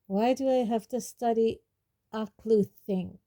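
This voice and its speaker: A woman's voice: a little high, measured pace, warm tone, pitched above the performer's own voice. Woman voicing an indignant teenage boy wizard. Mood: uneasy. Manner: blurting, indignant.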